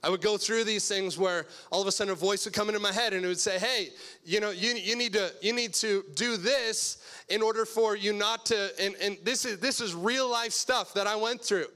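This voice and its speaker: High, bright-voiced male pastor. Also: fairly even intonation, brisk, few pauses. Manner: earnest storytelling, swings from hushed to loud. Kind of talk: sermon.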